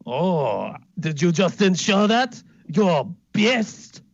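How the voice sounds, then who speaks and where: A man's voice: sits high, big pitch swings, extremely slow, gravelly, no room sound, dull audio, voice pushed up, full character voice. A man doing a sneering lizardfolk noble. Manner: sneering, suspicious. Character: haughty male lizardfolk noble Alberto.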